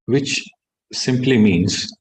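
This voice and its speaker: A man, a meditation teacher guiding a session and then giving a calm, measured spiritual talk that stresses key words. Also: medium pitch, rough recording.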